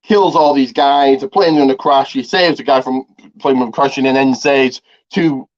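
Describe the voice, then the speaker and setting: A man with a mid-range voice, speaking at a moderate pace, casually retells a movie's plot for a review. He rambles, leaning heavily on ums, fillers and restarts. The lo-fi audio sounds slightly dull.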